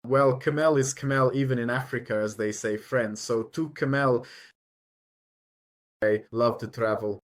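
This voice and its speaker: A man's voice: mid-range voice, fairly even intonation, measured pace. Chatty man vlogging from a truck cab. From Ukraine. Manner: rambling, chatty, addresses viewers as friends. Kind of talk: casual chat while driving.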